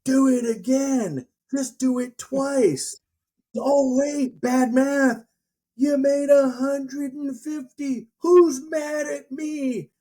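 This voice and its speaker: A man's voice: very high voice, steady tone, slow, dark tone, voice pushed up, rough recording. A man doing a hyped Southern seminar guru. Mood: showman pitch. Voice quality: faint Southern twang. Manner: hyped, preaching, working up a crowd. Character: fiery male seminar guru, showman.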